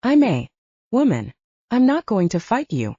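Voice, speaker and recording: A woman voicing an entitled young pregnant heiress who talks in a low, bored drawl, with dull lo-fi audio. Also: wildly swooping pitch, unhurried, dark tone, slightly rough, dry recording, heavily acted. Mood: disdainful.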